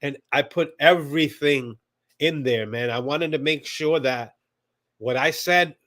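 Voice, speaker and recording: A man's voice: a little high, measured pace, a bit bright. A man hosting a casual commentary show, talking emphatically. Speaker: podcast host. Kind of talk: casual commentary on archive audio.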